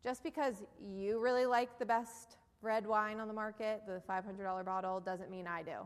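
A woman's voice: mid-range voice, fairly even intonation, moderate pace, smooth. Persuasive New Jersey woman in an echoing hall. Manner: earnest, persuasive, asks the audience questions. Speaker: keynote speaker. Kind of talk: motivational business presentation. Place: event hall before a live audience. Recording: long hall reverb.

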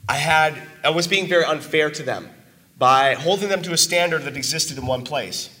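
A man's voice: a little high, moderate pace, sharp tone. A man giving an earnest, emotional testimonial to a live audience, his voice worn from talking a lot. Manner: earnest and emotional, with emphatic asides. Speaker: business owner giving a testimonial.

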